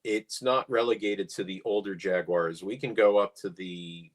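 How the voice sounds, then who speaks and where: A man's voice: low voice, fairly even intonation, moderate pace. A middle-aged man co-hosting a casual car chat, musing with dry humor. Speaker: podcast co-host.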